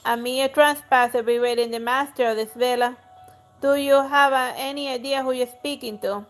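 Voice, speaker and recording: A grand, scornful noblewoman barks insults at everyone around her, read aloud by a woman. Her voice sits a little high, and soft music plays faintly underneath. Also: steady tone, normal speed, lightly acted. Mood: outraged. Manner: imperious, insulting, theatrical reading. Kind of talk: reading game dialogue aloud.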